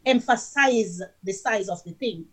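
A woman's voice: mid-range voice, measured pace, husky. A woman with a Jamaican accent, a radio guest who explains things patiently in casual chat, giving examples as she goes.

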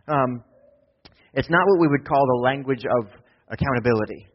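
Pastor preaching in an echoey hall. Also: male voice, mid-range voice, brisk. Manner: conversational, many restarts and asides. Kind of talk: sermon. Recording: distant hall sound, dull lo-fi.

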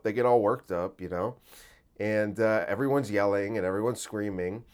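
A man's voice: on the low side, moderate pace, a little mellow, clean tone. Rambling man in a casual monologue. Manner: rambling, many fillers, profane. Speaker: podcast host.

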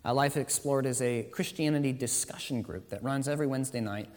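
A male pastor delivers a sermon in a church sanctuary, his voice carrying a long reverb through the hall. He slows to quiet, deliberate emphasis and then climbs into loud, urgent exhortation. His pitch sits in an ordinary middle range for a man.

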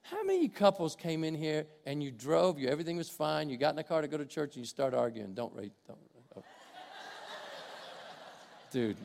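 Older male pastor, high voice, sermon delivery that shifts between loud preaching and soft asides. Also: big pitch swings, moderate pace, gravelly. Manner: swings from loud preaching to quiet, conversational asides. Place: church sanctuary with congregation. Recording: long hall reverb.

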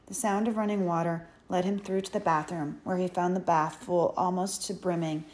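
Warm-toned female audiobook narrator, measured and expressive. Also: lowish voice. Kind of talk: scripted narration.

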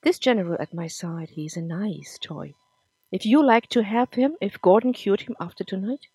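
A woman's voice: mid-range voice, moderate pace, a little mellow, slightly rough, no echo. A woman reading the lines of a spiteful, cruel woman who taunts and sneers, in a dry close recording. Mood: sneering.

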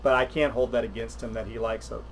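An older man, chatting on a podcast livestream, rambling and animated with many restarts. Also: medium pitch, quick pace, a little hiss or hum. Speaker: podcast co-host. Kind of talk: casual chat on a livestream.

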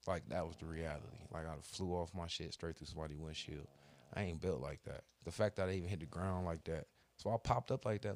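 A podcast co-host with a low, slightly mellow voice talks fast, telling a story in casual chat. His speech is loaded with slang and heavy cursing.

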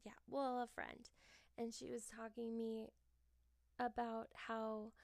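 A young woman hosting a podcast, telling stories in a candid, lively way, laughing often and swearing freely. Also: fairly high pitch, a little slow, vocal fry, no echo, studio quality. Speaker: podcast host. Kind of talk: casual confessional chat.

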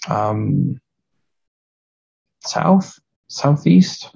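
Halting man with folksy rustic talk. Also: on the low side, big pitch swings, vocal fry, darkish tone, breathy edge, muffled recording. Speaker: podcast host in a regression session. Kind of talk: recounting a past-life regression.

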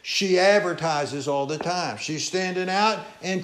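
A male pastor preaching a folksy sermon, swinging between loud calls and low asides. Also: a little slow. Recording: echoey church room.

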